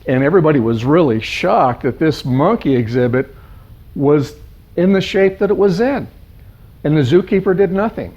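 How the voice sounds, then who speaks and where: A male life coach with a fairly high voice tells a parable, animated and fond of stacking up lists. The recording is dull and lo-fi. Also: normal speed, slightly rough. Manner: animated, piling up lists of words. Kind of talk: storytelling in a coaching session. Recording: dull lo-fi sound.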